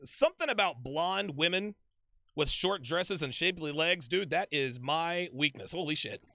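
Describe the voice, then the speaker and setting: A man riffs through a dating show with loose, profane energy, doubling back on his words as he goes. His voice sits high, with a gravelly edge. The sound is dry and close, with no room around it. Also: moderate pace, no room sound. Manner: animated, profane, repeats himself. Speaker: commentator reacting to a dating show. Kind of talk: casual profane reaction commentary.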